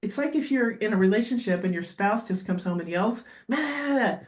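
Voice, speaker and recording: A woman guest on a podcast talking as a dog behaviorist, animated and quick to act out little scenes. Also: medium pitch. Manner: animated, acts out dogs and owners in quick asides. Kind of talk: podcast interview conversation. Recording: roomy echo.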